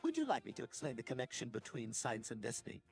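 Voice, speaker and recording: Know-it-all cartoon guy, ai man voice, quick and gravelly. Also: medium pitch, huge pitch swings, soft background music, heavily acted. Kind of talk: synthetic cartoon voice imitation.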